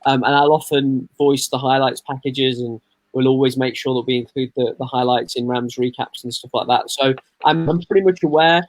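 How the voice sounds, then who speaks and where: A man who works in radio answers fan questions in a chatty, easygoing manner. His voice sits at a middle pitch and he often pokes fun at himself. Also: fairly even intonation, moderate pace, dry recording, rough recording. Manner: chatty, friendly, self-deprecating. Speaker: radio presenter and commentator. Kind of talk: relaxed interview answers.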